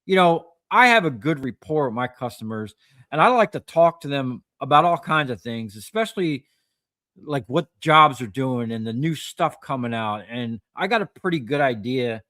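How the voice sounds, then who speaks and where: Man, middle pitch, casual rambling storyteller, dry close mic. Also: animated, moderate pace, fairly bright tone, no room sound. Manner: rambling storyteller, acts out quoted customers. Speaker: scrap metal recycler. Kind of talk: casual livestream chat.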